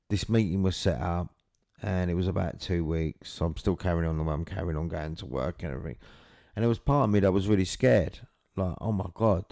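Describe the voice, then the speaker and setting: Deep-voiced man, earnest and frank. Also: creaky, mellow, no room sound, clean studio sound. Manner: earnest, frank, swears casually. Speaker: father telling his story. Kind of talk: candid personal storytelling.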